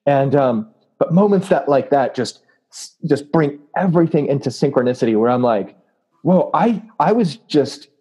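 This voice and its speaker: Over a low-quality recording, a man's mid-range, mellow voice comes through animated and slightly breathy at normal speed. He is an anti-trafficking activist and preacher telling an earnest story in a casual interview, with many fillers and laughs.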